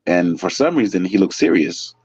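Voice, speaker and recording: A man's voice: low voice, normal speed, dull audio, a little hiss or hum. A man from the San Francisco Bay Area, a waiter and interview guest, telling casual stories in a loose, chatty way full of fillers and restarts, often laughing. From California, San Francisco Bay Area. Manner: excitable, laughs through stories. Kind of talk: casual storytelling.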